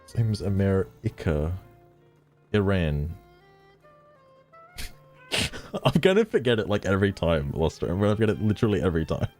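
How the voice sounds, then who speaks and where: A man's voice: low voice, very animated, normal speed, pauses often, a little mellow, faint music behind. A man doing casual sarcastic commentary as a streamer while he reads social media posts aloud, laughing as he goes. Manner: sarcastic, laughing, mocking voices when reading.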